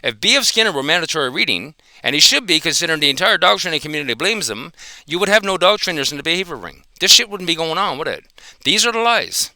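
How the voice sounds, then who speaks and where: A man's voice: on the high side, sing-song, fast talker, pushed and bright, dry recording, studio quality. A man giving an angry, profane reaction commentary, confronting another dog trainer.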